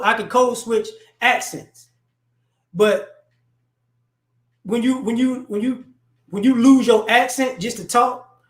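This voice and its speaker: A man from New Orleans with a faint New Orleans accent, mixed with Chicago and DC area speech, giving his opinions in a loose, casual chat full of restarts. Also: high voice. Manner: loose, conversational, frequent restarts and "you know".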